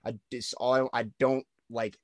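A man's voice: mid-range voice, flat delivery, measured pace, a loud crowd. A young man in his twenties, a musician guest in a casual interview, talking loosely with lots of swearing, fillers and restarts.

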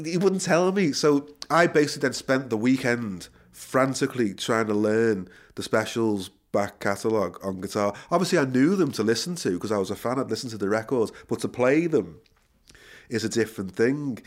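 A middle-aged man, a musician guest, telling a story in a casual interview, laughing and correcting himself as he goes. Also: medium pitch. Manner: animated storyteller, quick self-corrections, frequent laughter.

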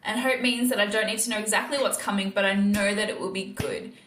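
A woman's voice: mid-range voice, steady tone, fast talker, a bit bright, reverberant, a little hiss or hum. A woman hosting a casual faith-based podcast monologue, earnest and encouraging, with lots of filler words. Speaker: podcast host.

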